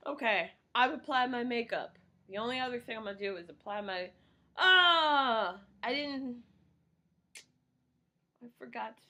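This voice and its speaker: A woman's voice: medium pitch, a bit bright. A woman in her thirties vlogging casually while doing her makeup, rambling, swearing and poking fun at herself. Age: 30s. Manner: rambling, profane and self-mocking.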